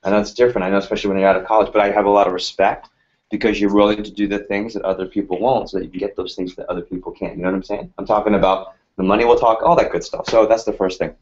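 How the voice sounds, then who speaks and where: A man's voice: on the low side, level tone, very fast, a little mellow. A man in his thirties leading a sales team workshop, talking casually and energetically and firing rhetorical questions at the room. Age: 30s. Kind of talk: motivational workshop talk. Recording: slightly muffled lo-fi sound.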